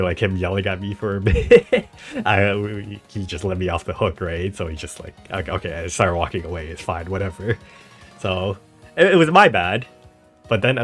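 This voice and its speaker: A young man with a low voice narrates his travel photos in a loose, chatty way. He rambles, laughs often, and fills the gaps with "like" and "uh". Faint music plays under his voice. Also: fairly bright tone. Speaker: travel vlogger. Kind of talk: casual travel vlog narration over photos.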